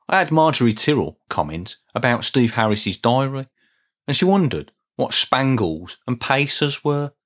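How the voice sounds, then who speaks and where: Guy, middle-aged, rambly podcast host, self-deprecating, chatty and easygoing. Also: fairly low pitch. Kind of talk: casual solo podcast talk.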